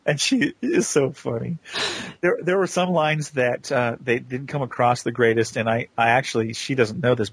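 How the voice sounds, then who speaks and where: A man with a slightly husky voice chats casually on his podcast, gushing with praise and laughing often. The sound is dry and close. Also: medium pitch, dry recording. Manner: enthusiastic, rambling, laughs often. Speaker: podcast host. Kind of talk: casual chat.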